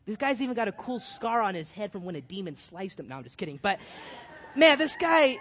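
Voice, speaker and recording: A man leading a Bible study for young people, animated and jokey, breaking into shouts to drive points home. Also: high-pitched, fairly quick, a little hiss or hum. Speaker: youth Bible study leader. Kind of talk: lively Bible study teaching with props. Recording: dull lo-fi sound.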